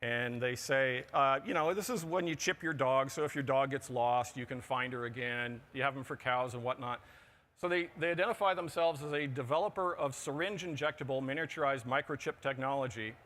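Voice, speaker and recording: A man's voice: medium pitch, brisk, fairly bright tone. A middle-aged man giving a humorous conference talk, with wry jokes and asides. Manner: wry, joking delivery with asides. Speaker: conference speaker. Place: conference pavilion on a show floor.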